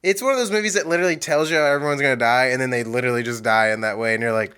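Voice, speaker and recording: A man co-hosting a movie podcast, animated and laughing as he mockingly retells a horror film. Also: mid-range voice, very fast, smooth. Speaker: podcast co-host. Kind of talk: casual movie review chat.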